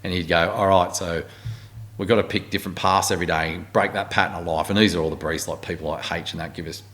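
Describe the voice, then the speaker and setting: A man's voice: deep voice, fast talker. A middle-aged Australian man, an army warrant officer, telling blunt, swearing war stories in a casual interview. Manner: blunt, swearing, animated storyteller.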